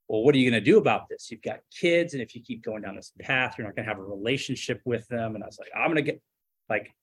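A man's voice: medium pitch, breathy edge. A man telling his own recovery story in a casual, self-deprecating way, acting out the voices he quotes. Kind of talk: personal testimony, casual storytelling.

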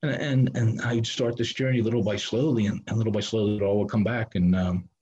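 A man's voice: on the low side, fairly even intonation, a little fast, darkish tone, slightly rough, lo-fi sound. A middle-aged man telling his recovery story in a candid, rambling, self-mocking way, with many restarts. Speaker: recovery speaker.

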